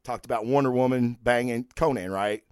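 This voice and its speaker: A man's voice: medium pitch, brisk, smooth, no echo, clean studio sound. A middle-aged man hosting a comic book vlog, ranting bluntly and swearing freely in casual commentary. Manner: blunt, animated, profane, ranting. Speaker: comic book vlogger host. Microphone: microphone and camera.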